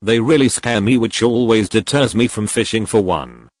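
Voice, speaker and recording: Man reading a blunt young girl, firm, his own low voice, dry sound. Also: moderate pace, no room sound, lightly acted. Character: stubborn young girl trainer, outspoken.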